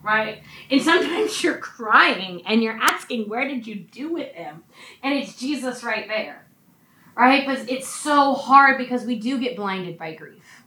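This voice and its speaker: A woman preaching a conversational sermon, often checking in with her listeners with a quick "right?". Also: on the high side, animated, sharp tone, slight background noise. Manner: conversational, frequent "right?" asides. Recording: echoey room, mic at a distance.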